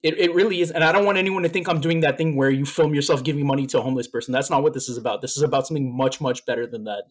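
A man's voice: mid-range voice, very fast, hardly any pauses. A man co-hosting a casual podcast, telling a story at length. He doubles back on his words as he goes. He sounds moved and a little out of breath. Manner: rambling, repeats words while telling a story. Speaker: podcast co-host. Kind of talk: casual chat.

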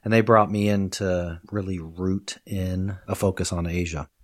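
A man, a guest on an interview podcast and a professor of Chinese, chatting casually and telling lively stories with frequent laughter. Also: deep voice, normal speed. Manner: lively storyteller, laughs often.

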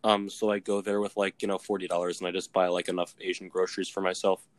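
A man's voice: low-pitched, level tone, fast talker. A young man in casual chat, rambling with lots of filler words. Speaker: conversation partner.

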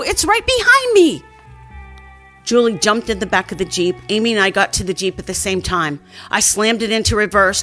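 A woman reading a first-person scary campfire story as scripted narration, at a steady storytelling pace. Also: medium pitch. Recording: faint music underneath.

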